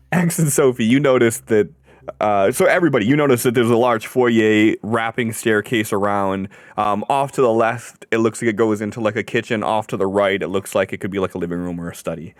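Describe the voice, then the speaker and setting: A man running a tabletop game as game master, narrating in a halting way full of ums and uhs. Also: fairly low pitch, no echo, clean studio sound.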